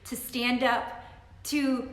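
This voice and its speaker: A woman's voice: on the high side, level tone, extremely slow. A woman nutritionist telling her personal story in an earnest, emphatic way, repeating her points. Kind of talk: personal testimony talk. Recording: roomy echo.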